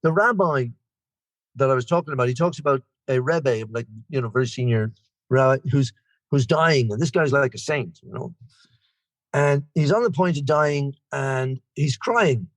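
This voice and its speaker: A man's voice: mid-range voice, normal speed, no echo. An Irish man in his sixties, sharing his recovery story at a meeting in a rambling, self-deprecating way. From Ireland. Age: 60s. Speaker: guest speaker.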